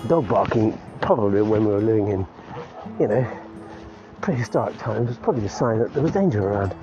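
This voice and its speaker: A man in his fifties rambling on about his day for his podcast while walking his dog outdoors, laughing often and restarting his sentences. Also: mid-range voice. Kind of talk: rambling casual monologue. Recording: muffled recording with clear music behind.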